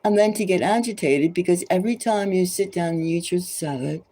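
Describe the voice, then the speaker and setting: A woman's voice: on the low side, a little fast, dark tone, slight background noise, rough recording. A woman tarot reader giving an impassioned, preachy monologue full of urgent repeated exhortations, sometimes dropping to a whisper.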